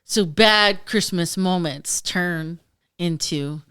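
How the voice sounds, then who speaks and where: A woman leads a casual podcast chat and keeps the talk moving in a measured way. Her voice is lowish, bright and crisp. The sound is close and dry. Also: no echo.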